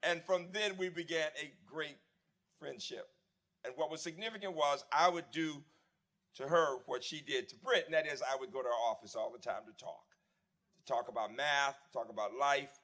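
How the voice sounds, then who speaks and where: A man in his seventies, a former dean, giving a reflective memorial tribute and reminiscing warmly with some restarts. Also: on the high side, normal speed. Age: 70s. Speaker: eulogy speaker, former dean. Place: memorial service.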